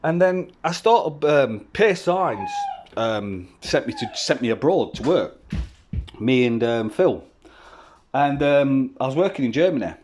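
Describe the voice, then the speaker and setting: A man's voice: medium pitch, expressive, a little slow, darkish tone, a little hiss or hum. A man, telling a personal story at home in a rambling, swearing, casual way. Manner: rambling, heavy swearing, frequent restarts. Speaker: vlogger. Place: at home with children around.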